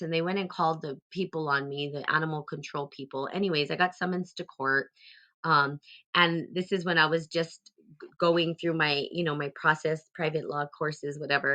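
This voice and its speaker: A woman with a deep voice hosts a casual talk, rambling with lots of fillers and restarts. She grows animated as she retells a story.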